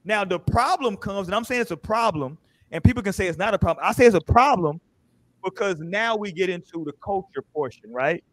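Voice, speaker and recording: This podcast host is an American man whose high voice moves fairly quickly in a dry recording with no room sound. On his casual panel show he spins lively stories and performs the quotes himself.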